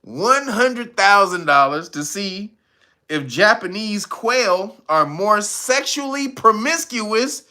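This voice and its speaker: A man's voice: high voice, lively intonation, slow pace, pushed and bright. A man hosting his own channel, giving mocking comedic commentary, laughing often and swearing freely. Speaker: channel host.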